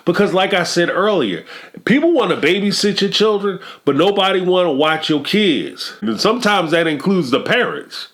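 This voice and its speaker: Man, high voice, emphatic storyteller for reality-show commentary. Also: animated, moderate pace, a bit bright. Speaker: commentary vlogger.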